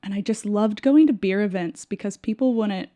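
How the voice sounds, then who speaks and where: A woman's voice: mid-range voice, moderate pace. A woman in her thirties recounts her past with an easy, conversational energy. She slips into the voices of the people she quotes and laughs freely as she goes. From United States. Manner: animated storyteller who acts out quoted dialogue, laughs often. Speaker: podcast guest. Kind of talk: casual interview storytelling.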